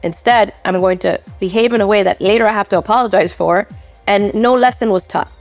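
Calm, explaining woman, parenting expert. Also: medium pitch, a little fast, dry recording, soft background music. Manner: calm, explanatory, repeats key points. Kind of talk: podcast advice talk.

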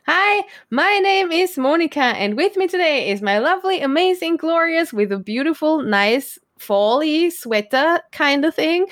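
A woman's voice: high voice, very animated, measured pace, few pauses, fairly bright tone. A woman who is not a native English speaker, hosting a podcast in a bubbly, giggly, self-teasing casual chat. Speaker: podcast host.

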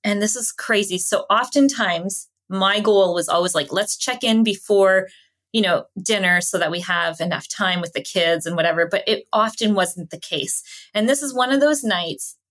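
Animated woman telling travel stories. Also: medium pitch, normal speed. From Canada. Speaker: guest. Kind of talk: casual interview storytelling.

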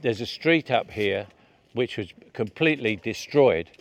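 A man's voice: medium pitch, lively intonation, a little slow. A man in his eighties with a Cockney accent, telling stories in a casual interview. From South London, England. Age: 80s. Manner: chatty storyteller, laughs at own jokes. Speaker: interviewee, actor.

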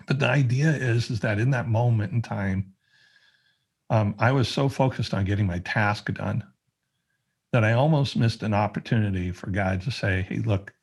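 Husky low-voiced man telling a story. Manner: conversational, with frequent fillers and restarts. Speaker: podcast guest. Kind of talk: casual storytelling.

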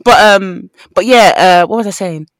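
A woman's voice: medium pitch, normal speed, dry recording. A young woman, chatting casually as a podcast co-host and telling stories with acted-out quotes. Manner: animated storytelling with voiced quotes. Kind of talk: casual chat.

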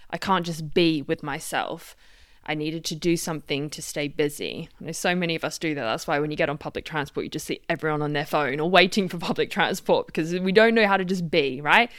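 A woman hosting a solo self-help podcast, reflective and gently guiding, sharing personal stories. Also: fairly low pitch, clean tone, no room sound, clean studio sound. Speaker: podcast host.

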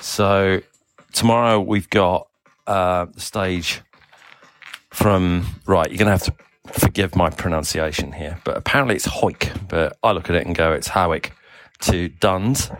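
A middle-aged man with a mix of Australian, South African and English accent, talking in a relaxed, rambling audio diary full of ums and uhs. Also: deep voice, unhurried, no echo. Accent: mixed Australian, South African and English. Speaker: cycling team manager.

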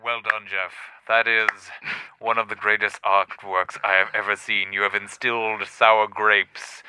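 A man's voice: on the low side, flat delivery, measured pace, background noise, close to an everyday voice. A man as a chuckling, playful space traveller. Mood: amused. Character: chuckling man on a moon voyage. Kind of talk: improvised comedy call-in.

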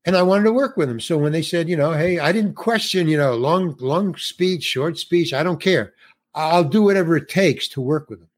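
A man speaking in a relaxed interview, his voice a touch higher than most men's. He talks loosely and casually, drifting through filler words and repeated phrases as he chats about acting work. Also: moderate pace. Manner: easygoing, loose, leans on "you know" and repeats himself. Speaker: actor interviewee.

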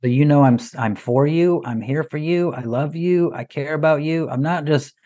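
A man in his thirties, a father talking as a guest, telling stories in a lively, casual way. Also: a little high, moderate pace. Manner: animated, lively storyteller. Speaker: parent sharing advice as a podcast guest. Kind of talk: casual conversational storytelling.

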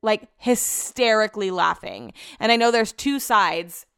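A woman's voice: mid-range voice, measured pace, gravelly, a bit bright, clear, resonant tone, no echo, studio quality. A young adult woman hosting a podcast, chatting casually and giving opinionated, sarcastic reactions. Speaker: podcast host. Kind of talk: casual chat recap.

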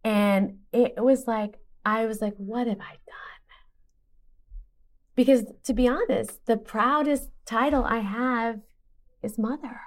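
A woman in her forties, a podcast guest telling a personal story in a lively, animated way with quick asides. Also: a little high. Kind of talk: podcast conversation.

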